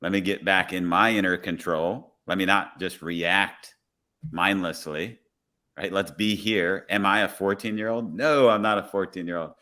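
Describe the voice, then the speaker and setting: A man talking as a police officer on a podcast, his voice sitting low with a bright, forceful tone. He tells the story casually and acts out each quoted line. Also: normal speed. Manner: relaxed storyteller who acts out quoted dialogue.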